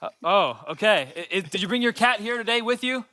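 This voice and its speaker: A young man hosting a live web show for young teens, playful, teasing and excitable. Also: sits high, brisk. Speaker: host of a youth web show.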